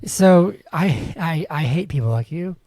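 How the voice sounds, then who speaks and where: A man's voice: fairly high pitch, expressive, measured pace, mellow, no room sound. A young man co-hosting a podcast, chatting casually and joking around with wheezy laughs. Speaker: podcast co-host. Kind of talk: casual chat.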